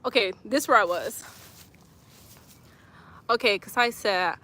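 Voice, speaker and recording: A woman's voice: medium pitch, slow pace, pushed and bright. A young woman live-streaming her workout, chatting casually and giggling as she talks straight to viewers and reads their comments. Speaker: livestreamer reading chat comments. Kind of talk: casual live-stream chat while exercising.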